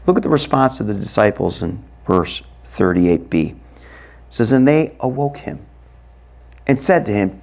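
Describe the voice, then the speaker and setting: A middle-aged man preaching a sermon in an expressive way, acting out voices in sudden loud, high bursts. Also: normal speed, gravelly. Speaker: pastor.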